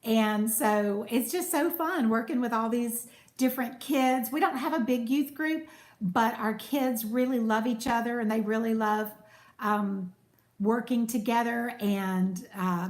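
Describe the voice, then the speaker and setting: A woman chats casually on a live stream, reading and answering viewer comments. Her voice is high and soothing. The room around her is noticeably echoey. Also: measured pace. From United States. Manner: chatty, warm thanks to viewers, reads comments aloud. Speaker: cooking channel host.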